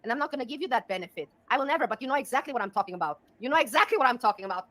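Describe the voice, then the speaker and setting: A woman's voice: on the high side, expressive, rapid-fire, few pauses, a bit bright. A woman with a Balinese accent, ranting angrily and swearing in a played clip. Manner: angry profane ranting.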